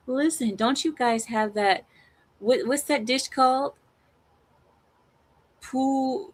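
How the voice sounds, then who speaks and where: A woman hosting a live stream, chatting casually with her viewers in a teasing, animated way and laughing often. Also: sits high, drawn-out words, long pauses. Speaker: livestream host.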